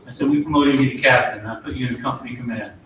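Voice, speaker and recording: A middle-aged man, an army officer, giving an earnest promotion speech and telling a folksy story with pauses and restarts. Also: mid-range voice, fairly bright tone, recorded from a distance, slight background noise. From United States. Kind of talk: ceremony speech with war story. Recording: very echoey hall, voice from afar.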